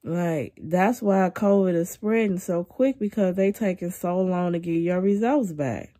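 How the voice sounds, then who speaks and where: A young woman talks into her phone from bed at home, worn out and venting. Her voice sits a little low and she takes her time, with long, tired pauses. She sounds slightly congested. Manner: weary, venting, soft and drawn out. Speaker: vlogger. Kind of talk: casual confessional vlog.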